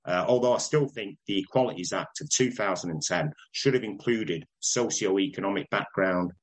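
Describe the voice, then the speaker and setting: An older man with a Manchester accent, telling stories in a casual interview, chatty and quick to laugh. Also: low voice, rough recording. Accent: Northern English, Manchester. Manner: chatty anecdotal, laughs often, does voices in stories. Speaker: interviewee, broadcaster.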